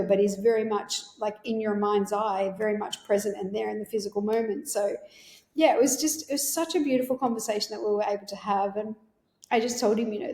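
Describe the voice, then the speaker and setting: A woman's voice: a little high, a little mellow. A woman hosting a podcast, telling a personal story in an earnest, reflective way with many fillers. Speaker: podcast host. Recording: roomy echo.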